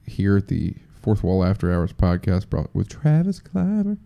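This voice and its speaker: A man's voice: sits low, big pitch swings, normal speed, gravelly, warm tone, highs cut off. A young man hosting a podcast alone, rambling casually with profane jokes and chatty asides. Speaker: podcast host. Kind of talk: casual solo podcast chat.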